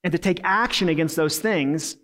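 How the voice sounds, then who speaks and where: In an earnest, easygoing Sunday sermon, a pastor talks conversationally to his congregation at a moderate pace. His pitch sits a bit high for a man, and he uses casual fillers and restarts throughout.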